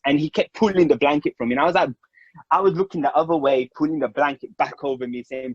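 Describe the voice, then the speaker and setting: Husky-voiced man telling stories casually. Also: fairly high pitch, animated, fairly quick, darkish tone, no room sound. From Mauritius. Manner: informal, calls people "bro", laughs while telling. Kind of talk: casual storytelling. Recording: dull lo-fi dry sound.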